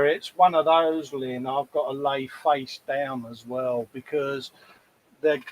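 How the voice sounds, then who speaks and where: A talkative man chatting in a relaxed, jokey way at his workbench, teasing himself and slipping into quick mock voices. His voice sits at an ordinary middle pitch, with a faint hiss behind it. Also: rough recording. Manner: chatty, jokey, self-mocking, breaks into quoted voices. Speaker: co-host of a model-building livestream. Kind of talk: casual chat.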